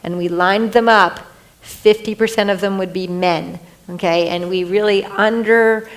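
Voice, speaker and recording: A woman's voice: mid-range voice, fairly even intonation, a little slow. A woman on a panel explaining a medical topic step by step, checking in with "right?" and filler words as she goes. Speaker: panelist on hereditary cancer risk.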